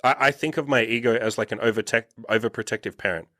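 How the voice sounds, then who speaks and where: A man's voice: medium pitch, fast, dry recording. A young man with a mid-range voice, holding forth in a casual podcast chat. He talks bluntly, swears freely and acts out quoted voices with animation. The sound is dry and close. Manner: blunt, profane, animated storytelling. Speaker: dating coach and podcast host.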